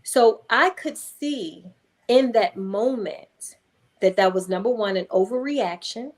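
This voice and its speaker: A woman, a hypnotherapist, speaking as a guest in a conversational interview and telling a story in a calm, emphatic way. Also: mid-range voice, takes it slowly. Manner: calm, emphatic, acts out voices in anecdotes.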